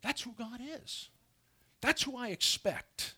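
A man's voice: very high-pitched, slow pace, breathy edge. A man preaching a sermon as pastor from a church pulpit, asking his congregation questions as he goes. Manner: animated preaching with rhetorical questions.

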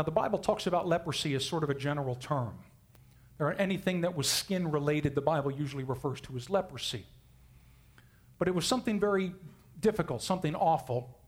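A man delivering a storytelling sermon in a slightly higher voice. He retells old stories in plain, modern talk and acts out the characters' words. He drops to a softer voice when he makes a point. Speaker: preacher.

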